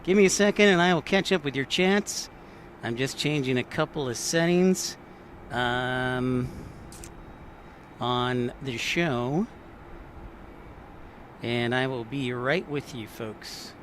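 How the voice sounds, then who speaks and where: A man's voice: mid-range voice, slow pace, pauses often, fairly bright tone, slight background noise. A man hosting a casual live stream, joking around and answering viewers' chat messages. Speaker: livestream host.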